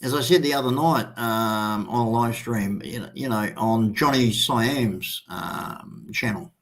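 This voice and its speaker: An Australian man in his sixties hosts a live stream, chatting casually in a lowish, unhurried voice. He rambles, swears freely and leans on lots of ums.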